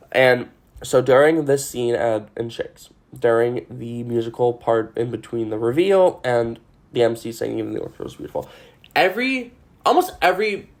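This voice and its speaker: A woman hosting a podcast, rambling through an emotional, swear-filled recap. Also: very deep voice. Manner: animated, emotional, swears a lot. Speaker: podcast host.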